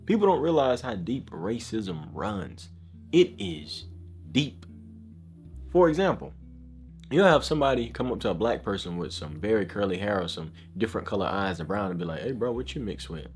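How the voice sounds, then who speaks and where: A man's voice: lowish voice, sing-song, normal speed, faint music behind. A man vlogging a casual opinion rant, emphatic and slangy, often saying bro and asking if you know what he's saying.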